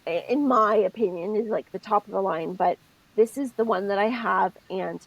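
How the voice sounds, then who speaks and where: Gravelly, husky woman podcast co-host. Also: medium pitch, moderate pace, no room sound, muffled recording. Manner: expressive, thinks aloud, self-interrupting. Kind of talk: casual spiritual chat.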